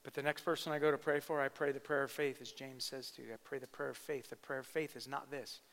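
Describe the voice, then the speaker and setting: A male pastor preaching a sermon, swinging between loud emphatic bursts and quiet intimate asides. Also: mid-range voice, little pitch movement, fast talker. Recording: long hall reverb.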